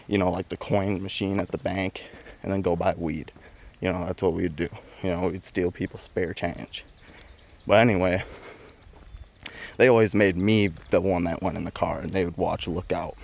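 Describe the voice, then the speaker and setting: A man with a somewhat low voice tells a story in a loose, rambling way and swears in nearly every sentence. His delivery is laid-back and conversational. A clear layer of noise runs under the recording. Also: darkish tone. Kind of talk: casual storytelling. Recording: noisy recording.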